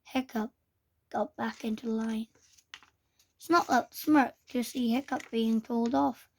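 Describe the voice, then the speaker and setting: A woman reading a children's book aloud in a halting way, stumbling and restarting words. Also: on the high side, steady tone, vocal fry. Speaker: reader.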